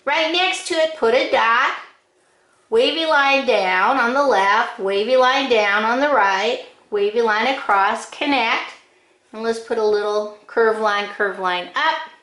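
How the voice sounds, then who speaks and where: Woman, drawing teacher, fairly high voice, unhurried step-by-step delivery, echoey room. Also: a bit bright. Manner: slow, patient, gives short drawing directions one step at a time.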